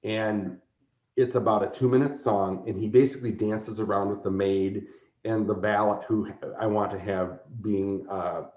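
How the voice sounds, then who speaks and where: A man's voice: on the low side, moderate pace. A man being interviewed as a convention organizer, telling stories animatedly and acting out characters. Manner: animated storyteller who acts out characters. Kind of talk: casual podcast interview. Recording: roomy, slightly dull recording.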